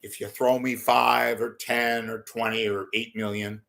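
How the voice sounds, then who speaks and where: A man's voice: lowish voice, little pitch movement, a little slow, creaky, a bit bright. A man talking into the camera in a rambling, jokey commentary, swearing and drifting between asides. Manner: jokey, digressive, swearing, bursts into silly voices. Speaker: commentary vlogger. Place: home room with TV monitor behind.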